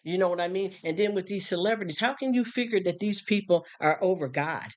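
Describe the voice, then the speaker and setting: Earnest home live-streamer, preachy and mid-pitched, heavy on rhetorical questions. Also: brisk. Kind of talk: casual preachy monologue.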